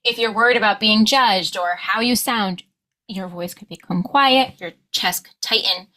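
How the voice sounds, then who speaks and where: An American woman talks through a pronunciation lesson with a bright, forward voice. She slows right down and stretches each syllable when she demonstrates it. Her pitch stays mid-range for a woman. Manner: slow drawn-out modelling of sounds. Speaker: pronunciation coach. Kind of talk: scripted pronunciation lesson to camera.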